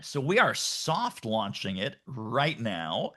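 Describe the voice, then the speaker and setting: Animated, bright-voiced male guest. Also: medium pitch, slow. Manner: emphatic, animated, acts out quoted voices. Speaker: guest author and sales coach. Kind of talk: energetic podcast interview.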